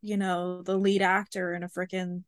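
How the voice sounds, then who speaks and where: A woman in her twenties, co-hosting a podcast, chatting casually and telling animated stories with lots of fillers. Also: lowish voice, moderate pace, dry recording, clean studio sound. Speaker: podcast co-host. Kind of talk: casual chat.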